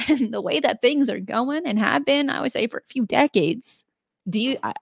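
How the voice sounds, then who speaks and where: A woman's voice: fairly high pitch, moderate pace, creaky, no echo, clean studio sound. A woman hosting a casual discussion in a chatty way, laughing between her points. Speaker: podcast host.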